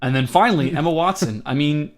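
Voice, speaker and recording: A man's voice: fairly high pitch, a little fast. A young man co-hosting a casual movie review podcast, rambling and laughing as he talks. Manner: rambling, laughing, animated impressions. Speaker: podcast co-host.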